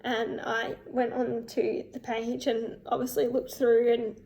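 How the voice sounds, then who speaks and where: A young woman telling her personal story in a vlog, emotional and halting, with many fillers and restarts. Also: fairly high pitch, flat delivery, dark tone, a little hiss or hum. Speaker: vlogger.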